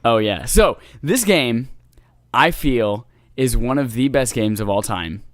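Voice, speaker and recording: A man's voice: mid-range voice, expressive, measured pace, no room sound, clean studio sound. A man co-hosting a casual gaming podcast, talking enthusiastically and teasing his co-host.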